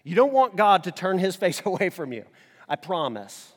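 A male pastor preaching a sermon in a conversational, animated way, alternating between loud emphasis and quiet, intense passages. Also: high-pitched, moderate pace, long reverb tail. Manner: casual conversational asides.

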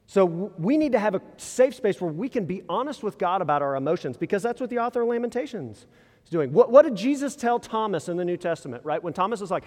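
Male pastor with a higher voice, conversational preacher who uses rhetorical questions, recorded in a reverberant hall. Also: lively intonation, fast talker, darkish tone. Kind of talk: sermon. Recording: long reverb in a large hall.

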